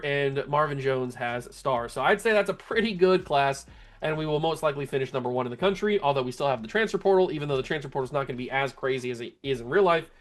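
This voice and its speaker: A man hosting a gaming channel, giving play-by-play commentary on his video game, laughing often and yelling in disbelief at glitches. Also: mid-range voice.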